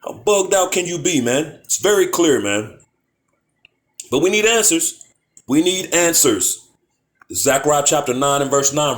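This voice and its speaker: A man teaching from the Bible in a casual, conversational way, reading verses slowly and firing off rhetorical questions. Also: a little high. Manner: conversational, peppered with "man, you know"; reads verses slowly and deliberately. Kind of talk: informal scripture teaching.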